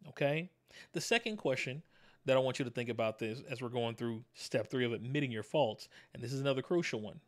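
A man's voice: mid-range voice, animated, fairly quick. A man hosting a motivational video, talking straight to his viewers, firing rhetorical questions at them and repeating key words for emphasis. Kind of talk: motivational talk to camera.

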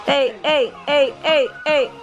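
A young woman from New York filming a casual family vlog, teasing and laughing often as she talks to her kids and friends. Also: sits high. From Queens, New York. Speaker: vlogger, mother.

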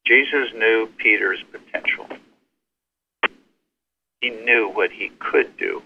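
A man's voice: lowish voice, slow, creaky, slight background noise. A man taking part in an informal Bible study discussion, speaking firmly and emphatically. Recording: tinny phone line.

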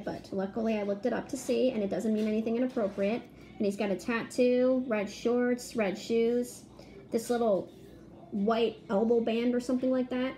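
Chatty woman showing off her drawings. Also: on the high side. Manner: chatty and excited, listing details. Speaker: fan artist presenting her drawings. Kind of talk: casual video narration.

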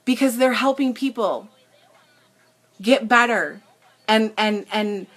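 A woman's voice: fairly high pitch, takes it slowly, a bit bright. A young adult woman chatting emotionally to viewers on a live stream, earnest, often restarting her sentences. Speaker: makeup seller on a live stream. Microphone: tablet.

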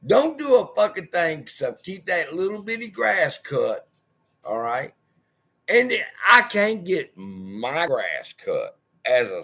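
A man's voice: mid-range voice, a bit bright, husky. A man hosting his own channel, delivering a heated personal rant full of swearing. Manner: profane, heated ranting. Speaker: channel host.

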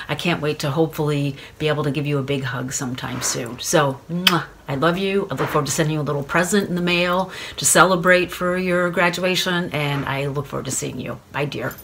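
A woman's voice: low-pitched, fairly even intonation, a little fast, gravelly, hardly any pauses, noisy background. A woman recording an affectionate congratulation video message. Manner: affectionate, warm goodbye.

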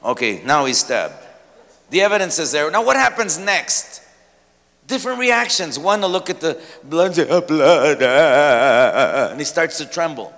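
Forceful pastor preaching in an echoing church. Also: male voice, a little high, moderate pace. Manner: lively storytelling with humor. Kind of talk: sermon. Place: church sanctuary. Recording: long church hall reverb.

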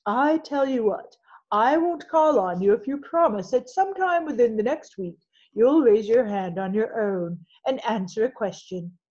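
A woman's voice: fairly high pitch, animated, moderate pace, darkish tone, highs cut off. A woman voicing a middle-aged schoolteacher who coaxes her students and grumbles when annoyed. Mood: coaxing. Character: stern elementary teacher, middle-aged woman.

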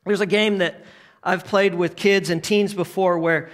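A man preaching a sermon, swinging from emphatic questions to hushed near-whispers. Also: high voice, steady tone, a little slow. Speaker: pastor.

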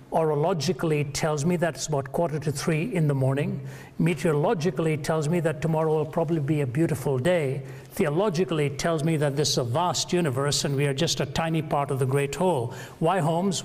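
A man's voice: a little high, fairly even intonation, darkish tone, lightly acted. A man telling a joke, voicing an earnest sidekick who rambles through a list of answers. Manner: listing, earnest, slow wondering delivery. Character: earnest, long-winded male sidekick Watson. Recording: long reverb of a large hall.

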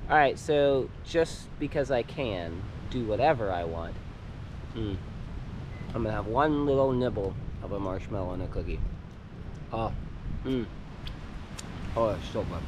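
A man hosts a casual camping vlog from a tent at an island campsite, playful and teasing. His voice rises and falls in a lively way as he coos at a baby goat. The recording carries a steady outdoor noise. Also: lowish voice, a little slow, pauses often. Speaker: vlog host.

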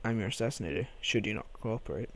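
A man doing a cold, quiet assassin. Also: expressive, fast talker. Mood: menacing. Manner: low, quiet and threatening. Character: cold menacing male assassin interrogator.

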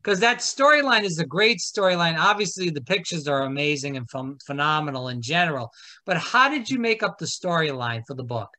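A man's voice: on the high side, lively intonation, a little fast, bright, forceful tone. A man hosting a casual interview, enthusiastic and asking his guest direct questions.

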